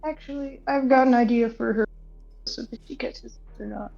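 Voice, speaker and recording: Tentative higher-pitched woman player. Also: fairly even intonation, moderate pace, gravelly, darkish tone, highs cut off, faint music behind. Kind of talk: casual play in a tabletop game over a call.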